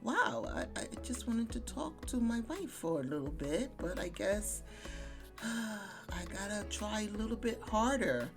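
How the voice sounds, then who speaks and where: A woman's voice: medium pitch, animated, a little slow, music in the background. A woman voicing a sheepish middle-aged husband in a life-sim game, plaintive and apologetic.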